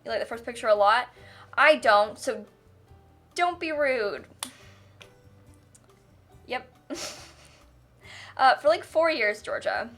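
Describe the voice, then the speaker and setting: A woman livestreamer in casual chat, rambling and quick to laugh as she thanks viewers. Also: on the high side, animated, fairly bright tone. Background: faint music.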